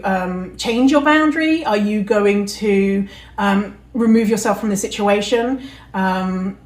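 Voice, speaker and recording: A woman hosting a podcast, talking candidly and laughing easily in casual chat. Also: medium pitch. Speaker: podcast host. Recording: echoey room.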